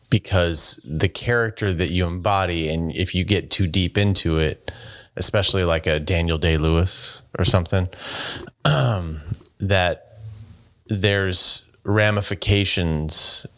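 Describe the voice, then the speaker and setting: Deep-voiced reflective man. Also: a little slow, a bit bright, no room sound, studio quality. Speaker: podcast co-host. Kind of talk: casual chat.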